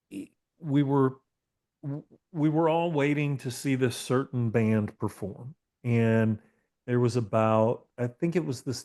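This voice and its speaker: A middle-aged man talks at a mid pitch, loose and conversational. He is a therapist on a podcast who swears freely and often circles back and restarts his sentences as he tells a story. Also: a little mellow. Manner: profane, candid, rambling with restarts. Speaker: therapist guest.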